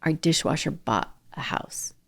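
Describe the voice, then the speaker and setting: An earnest, low-voiced entrepreneur from southern California, the founder and CEO of an ice cream company, is a guest in a casual interview. She speaks at a measured pace with lively intonation and some creak, frequently using fillers and restarting her sentences.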